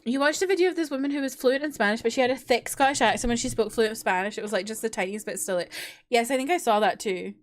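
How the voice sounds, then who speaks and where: A woman's voice: fairly high pitch, fast talker. A woman streamer chatting casually while playing a game, giggling often. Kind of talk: casual let's-play commentary.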